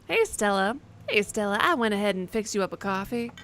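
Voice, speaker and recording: A woman voicing a friendly small-town diner server, speaking in a bright, cheerful, welcoming manner while reading a game aloud. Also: mid-range voice, animated, a little fast.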